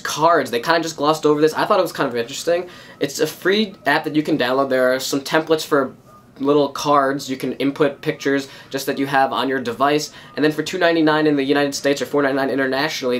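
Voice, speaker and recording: A man with a raspy, hoarse voice from a cold, giving a relaxed, casual recap of tech news to his viewers. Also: medium pitch, fast. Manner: relaxed, explanatory, addresses viewers as guys. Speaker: tech video host.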